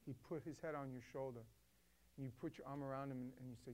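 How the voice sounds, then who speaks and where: A middle-aged man telling a story to a co-host with passion, swinging between loud emphatic bursts and hushed, quiet stretches. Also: medium pitch, fairly even intonation, fast talker.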